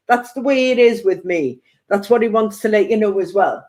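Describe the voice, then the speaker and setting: A woman's voice: fairly high pitch, moderate pace. A woman working as a spiritual medium, giving a chatty live-stream psychic reading and passing on spirit messages with playful quoted asides.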